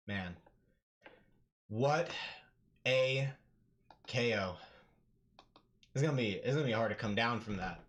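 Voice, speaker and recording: A man doing live play-by-play commentary on an MMA fight for his stream, talking casually and yelling with excitement at the big moments. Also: medium pitch, takes it slowly, long pauses.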